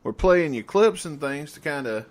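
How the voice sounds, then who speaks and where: A man's voice: fairly high pitch, expressive, normal speed. A man from the southern United States co-hosting a podcast, chatting loosely, laughing often and tripping over repeated words. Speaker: podcast co-host. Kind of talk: casual chat.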